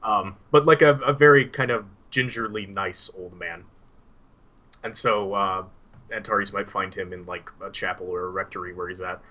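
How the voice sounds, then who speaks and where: A man's voice: deep voice, fairly even intonation, moderate pace, sharp tone, dull audio. A man narrating his part in a story game casually, with many fillers. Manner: loose, filler-heavy.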